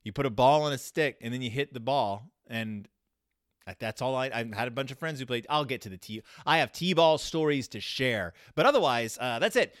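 Recorded in studio quality with no echo, a male podcast host casually reviews a children's book. His monologue rambles, drips with sarcasm, and swings animatedly in pitch and loudness.

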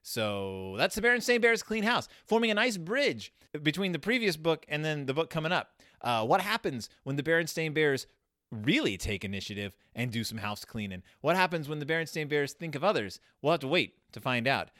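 The sound is clean studio audio with no echo, and the man speaks fairly quickly. He casually hosts a podcast where he picks apart a children's book in a wandering, sarcastic monologue full of lively shifts in pitch and loudness.

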